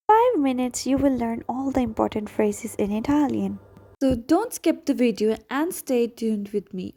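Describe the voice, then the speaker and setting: A woman's voice: fairly high pitch, warm tone. A woman teaching Italian phrases one by one, repeating each and translating it into English in slightly non-native phrasing. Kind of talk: slow language lesson.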